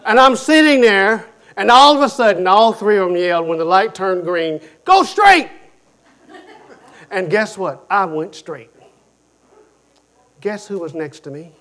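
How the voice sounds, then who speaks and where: A man preaching a sermon, telling stories in an animated way and often repeating himself, moving between loud, emphatic phrases and quiet ones. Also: sits high, normal speed.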